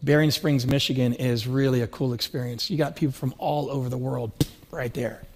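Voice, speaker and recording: A man's voice: medium pitch, fairly even intonation, a little fast, background noise. A middle-aged man preaching a sermon, telling stories with rising, swelling emphasis. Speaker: pastor.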